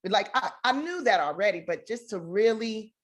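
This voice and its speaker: A woman in her thirties, an actress being interviewed on a talk show, telling stories in a comedic, expressive way. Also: mid-range voice, moderate pace. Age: 30s. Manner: comedic, expressive storyteller acting out quotes. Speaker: actress, guest.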